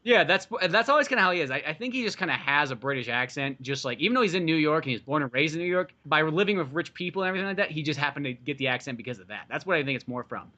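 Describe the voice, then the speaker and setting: A man with a bright, slightly raised voice argues his points with emphasis in casual podcast talk. He swears freely and comes back to his points again and again. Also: fairly high pitch, animated, very fast, few pauses, lo-fi sound. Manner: emphatic, profane, argumentative. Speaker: podcast host. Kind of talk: casual chat.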